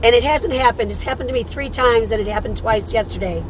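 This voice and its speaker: A woman's voice: fairly high pitch, quick pace, slight background noise, poor audio. A woman who works as a psychic medium and hosts a show, telling a story in a rambling, casual way and repeating phrases for emphasis.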